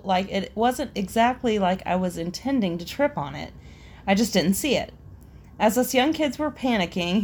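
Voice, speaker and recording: A woman's voice: medium pitch, darkish tone. A young woman casually reading out embarrassing stories and laughing between them. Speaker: storyteller reading listener stories.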